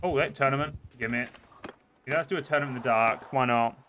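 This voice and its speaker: A man streaming a game, chatting casually and swearing often, with sudden loud outbursts. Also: medium pitch, fast talker, a little hiss or hum. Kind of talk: casual gameplay commentary. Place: home, seated at a desk.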